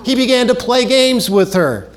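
In an earnest sermon, a high-voiced male preacher repeats his key phrases and lets his voice sink low as each phrase ends. His intonation is lively and his pace moderate.

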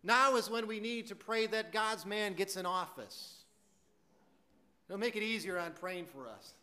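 A man's voice: sits high, measured pace, sharp tone. A man preaching a sermon, telling a story earnestly and with emphasis, now and then stumbling over a word. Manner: earnest, emphatic storytelling with some stammered restarts.

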